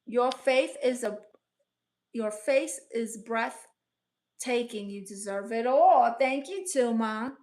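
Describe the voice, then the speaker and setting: A woman's voice: a little high, slow pace, a little mellow. A woman comedian hosting a casual live stream as a brash aunt, reading viewer comments and giving blunt, teasing advice. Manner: blunt, teasing, playfully sassy.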